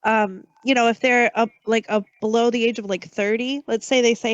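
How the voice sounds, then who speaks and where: A young woman argues her point on a casual podcast, full of fillers and restarts. Her voice sits a bit high. The audio is dull and muffled, with no room sound. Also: fairly even intonation, no echo. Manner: halting, filler-heavy arguing. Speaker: podcast co-host.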